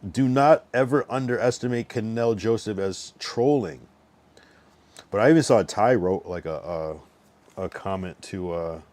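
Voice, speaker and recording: This livestream features a young male streamer whose voice sits on the low side with a darkish tone. He's loose and casual, heavy on slang and swearing, and sounds drunk, stuffed, and somewhat out of breath.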